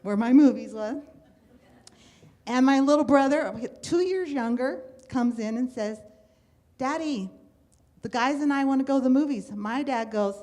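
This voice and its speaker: A woman's voice: on the high side, normal speed. Latina woman telling her life story. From United States. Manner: animated, acts out quoted voices. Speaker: speaker at a storytelling event. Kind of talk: personal storytelling talk. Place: in front of a live audience.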